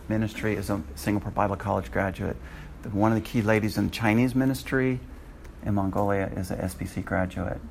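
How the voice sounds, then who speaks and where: A man, a Bible college lecturer and missionary, telling a testimony to a classroom, acting out his own words with sudden high jumps in pitch and bursts of laughter. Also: gravelly, slight background noise.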